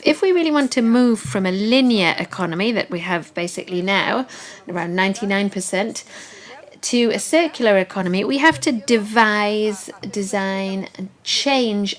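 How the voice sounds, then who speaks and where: A woman giving a conference presentation, speaking in a measured, explanatory way and stressing key words. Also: medium pitch. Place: conference hall.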